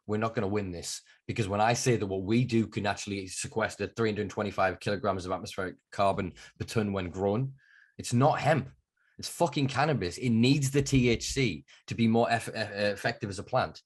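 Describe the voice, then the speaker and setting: Passionate Northern English man, low voice. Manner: passionate, emphatic, swears freely. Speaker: podcast host. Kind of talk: casual podcast conversation.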